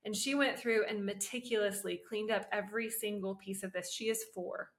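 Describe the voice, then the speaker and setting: A woman's voice: mid-range voice, fairly even intonation, normal speed. A woman hosting a parenting podcast, talking in a casual, conversational way and explaining her points through everyday examples.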